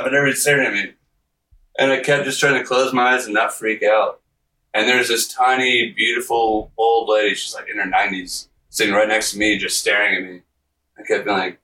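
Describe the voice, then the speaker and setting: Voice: a man, a podcast guest, on a fairly low pitch with a relaxed, rambling delivery stuffed with fillers. He acts out the lines of the people in his tale. His voice sounds set back from the mic in a roomy space. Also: fairly quick, far from the mic. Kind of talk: casual storytelling.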